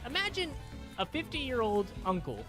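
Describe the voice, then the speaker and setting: Young guy ranting a storytime, swears a lot, highish voice, music in the background. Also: moderate pace. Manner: animated, profane, rambling. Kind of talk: casual storytime. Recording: clip with music behind.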